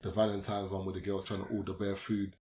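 A man in his thirties with a London accent, a podcast guest chatting casually in slang-heavy banter that turns loud and animated when he tells stories. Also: low-pitched, fast.

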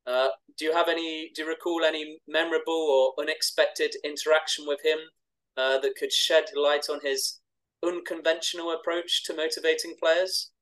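Flat-voiced male podcast host. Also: fairly high pitch, poor audio. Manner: measured, reads prepared questions. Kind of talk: interview questions.

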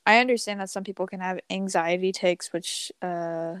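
A woman's voice: on the low side, steady tone, normal speed, clean tone, no echo. Rambling young woman on a dry mic. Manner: rambling, swears freely, lots of fillers. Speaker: podcast co-host. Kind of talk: casual chat.

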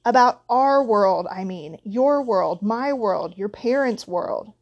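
A towering, hot-tempered half-giant man booms and growls his lines, as a woman reads him aloud. He sounds big-hearted but easily roused to indignation, a storybook giant. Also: expressive, slow pace, darkish tone, muffled recording. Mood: exasperated. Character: huge gruff male half-giant groundskeeper, hot-tempered.

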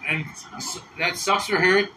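A man co-hosting a podcast, talking in an emphatic, profane way with halting restarts. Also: high-pitched, steady tone, bright, forceful tone. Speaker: podcast co-host. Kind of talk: casual chat. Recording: distant mic with faint noise.

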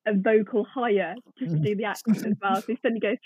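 A woman with a Northern English accent in a casual podcast chat, teasing and quick to challenge the others. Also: mid-range voice, darkish tone, breathy edge, no echo. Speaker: podcast co-host. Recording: tinny phone-like line.

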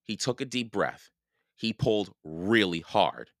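A man reading a children's book aloud for a podcast, slow and expressive. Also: fairly low pitch, no room sound, clean studio sound. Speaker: podcast read-aloud host.

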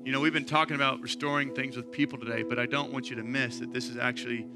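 A man's voice: medium pitch, flat delivery, fast, loud music behind the voice. A man in his thirties, a pastor giving an earnest, conversational sermon. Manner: earnest, conversational preaching that rises to impassioned.

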